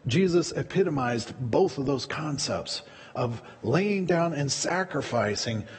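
Conversational pastor preaching in a reverberant church. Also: male voice, fairly high pitch, expressive, measured pace, breathy edge. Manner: conversational, repeats words while preaching. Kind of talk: sermon. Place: church sanctuary.

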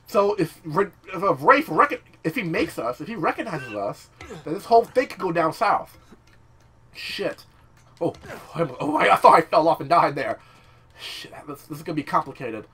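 Young guy rambling over his gameplay, swears a ton, bright voice, lively ups and downs. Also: fairly high pitch, normal speed. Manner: excitable, swears a lot, rambling. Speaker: gameplay commentator. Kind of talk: casual let's play commentary.

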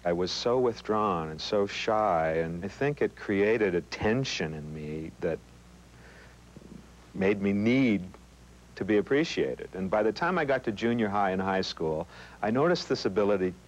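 Man in his 40s, comedian, low voice, playful, relaxed interview, faint hum. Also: measured pace, lo-fi sound. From suburban Los Angeles. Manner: playful, demonstrates voices while explaining. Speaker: comedian and actor, interview guest.

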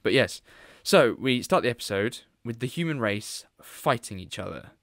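A man's voice: mid-range voice, lively intonation, moderate pace, fairly bright tone, dry recording, studio quality. A British man hosting a podcast in casual chat, laughing often and restarting his sentences. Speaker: podcast host.

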